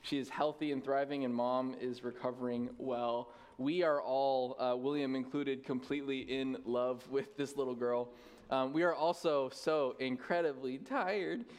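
A man's voice: medium pitch, steady tone, a little slow, a little mellow, a little hiss or hum. A man in his thirties, a tired lead pastor giving casual, self-deprecating announcements to his church. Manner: chatty, self-deprecating, laughs easily. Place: church sanctuary.

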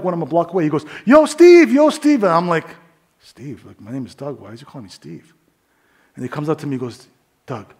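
A middle-aged man from New York tells his story as a sermon testimony, often dropping to quiet asides. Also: a little high, slightly rough.

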